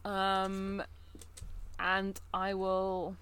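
A woman's voice: medium pitch, completely flat delivery, very slow, a bit bright, clean tone. A woman co-hosting a podcast in casual chat, thoughtful and wry with easy laughs. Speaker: podcast co-host.

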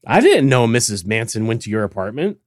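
A man's voice: on the low side, big pitch swings, fairly quick, no echo. A man co-hosting a casual podcast, reading listener emails with dry, teasing humor. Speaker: podcast co-host.

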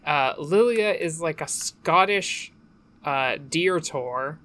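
A woman's voice: sits low, lively intonation, slow, a bit bright. A woman co-hosting a casual podcast, dry and teasing, with frequent fillers. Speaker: podcast co-host.

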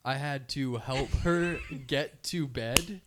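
A man's voice: medium pitch, takes it slowly, heavy background noise. A man chatting on a casual podcast, making blunt, matter-of-fact remarks.

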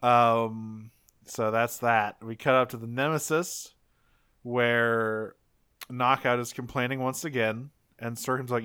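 Bright, crisp-voiced man co-hosting a podcast. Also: medium pitch, fairly even intonation, slow. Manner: laughing recaps with put-on quotes. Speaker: podcast co-host. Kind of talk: casual chat.

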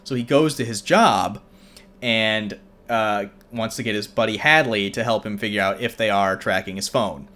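A man's voice: lowish voice, moderate pace, sharp tone. A man hosting, retelling a film in a casual, rambling way with many fillers. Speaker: host. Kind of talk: casual movie recap.

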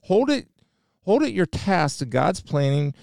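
A man's voice: high voice, very animated, a little slow, vocal fry, darkish tone, no echo, studio quality. A middle-aged man giving an earnest spoken devotional talk, quoting scripture and sharing a personal story. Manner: earnest, preacherly, quotes scripture. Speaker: speaker sharing faith.

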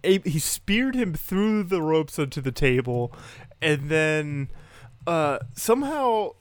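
A man's voice: on the high side, big pitch swings, slow, clean tone, no room sound. A man co-hosting a casual wrestling podcast, swearing casually and laughing a lot. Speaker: podcast co-host.

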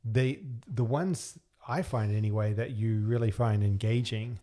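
A man's voice: fairly low pitch, measured pace, dark tone. A man hosting a casual interview, easygoing and encouraging, with short agreeing replies.

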